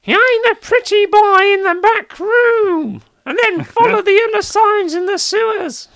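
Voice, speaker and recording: High thin nasal kenku bird-creature. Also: male voice, measured pace, vocal fry, fairly bright tone, no room sound, clean studio sound, heavily acted. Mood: cryptic.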